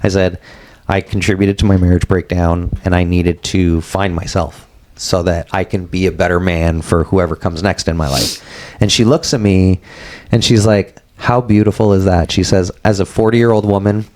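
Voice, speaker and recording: A man in his forties, a podcast guest telling a story in a casual, animated way, acting out what people said, with many filler words. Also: deep voice, normal speed. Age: 40s. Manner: animated, acts out quoted dialogue, frequent "like" fillers.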